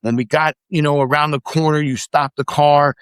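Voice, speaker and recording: A middle-aged man, a podcast guest, casually telling animated stories, acting out the quotes and swearing freely. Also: fairly high pitch, moderate pace, smooth, no echo. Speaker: podcast guest, former immigration officer. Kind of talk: casual storytelling in conversation.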